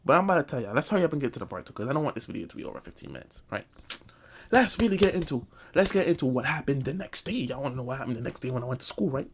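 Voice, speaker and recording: A man's voice: mid-range voice, big pitch swings, very fast, slightly rough. A man telling a comic storytime, talking loosely in slang and saying bro a lot. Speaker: vlogger. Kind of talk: comedic storytime.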